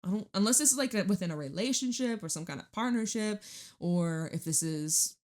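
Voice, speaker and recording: A woman's voice: medium pitch, animated, a little fast, a little mellow. A young woman giving a casual tarot reading, rambling and laughing, swearing freely as she talks. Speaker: tarot reader.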